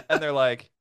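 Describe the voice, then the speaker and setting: Brief: male podcast host, casual storyteller, bright tone, dry sound. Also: no room sound. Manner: animated storyteller, swears freely, laughs often. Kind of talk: casual chat.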